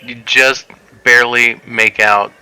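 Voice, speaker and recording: A man running a tabletop game as game master, speaking slowly with hesitant fillers. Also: mid-range voice, steady tone, bright, forceful tone, clear, resonant tone, low-quality recording.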